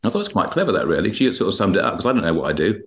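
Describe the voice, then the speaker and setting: A man's voice: sits low, big pitch swings, very fast, fairly bright tone. A man, a hypnotherapist, telling stories about his clients on a podcast and acting out the dialogue as he goes. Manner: rambling, acts out dialogue when retelling sessions. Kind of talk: podcast interview, anecdotal storytelling.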